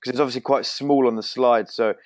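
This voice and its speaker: A man's voice: medium pitch, fairly even intonation, a little fast, a crowd in the background. A man co-hosting a webinar, polite and helpful but hesitant when he steps in. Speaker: webinar co-host. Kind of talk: casual webinar chat.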